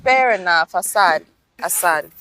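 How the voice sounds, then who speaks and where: Animated woman chatting. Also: lowish voice, a little slow. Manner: animated, mixes English and Zulu, laughs while making points. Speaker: podcast co-host. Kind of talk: casual chat.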